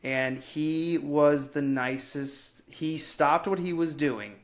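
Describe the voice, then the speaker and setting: A man in his thirties co-hosts a movie podcast in relaxed, profane chat. He tells his stories with animated energy, and his voice sits a little high for a man. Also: slow. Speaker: podcast co-host.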